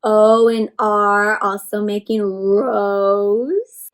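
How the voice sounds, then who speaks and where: A woman reading a picture book aloud to children, animated, asking them questions and slowly sounding out letters, sometimes dropping to soft whispered asides. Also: mid-range voice, rough recording. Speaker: children's story reader. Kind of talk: interactive read-aloud for kids.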